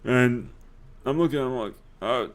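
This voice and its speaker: Unhurried and medium-pitched, the young man hosting this let's play swears liberally. He laughs through the stories he tells while playing, in a relaxed, chatty way.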